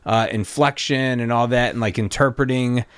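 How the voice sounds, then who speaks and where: A man's voice: mid-range voice, fairly even intonation, normal speed, a bit bright, clean tone, no echo. A man hosting a casual podcast from a cluttered home studio, rambling and swearing with lots of fillers. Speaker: podcast host.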